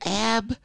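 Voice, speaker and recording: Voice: mid-range voice, gravelly, a bit bright. A radio show host chatting casually with a guest in a playful, chatty manner. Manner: playful, chatty, laughs easily.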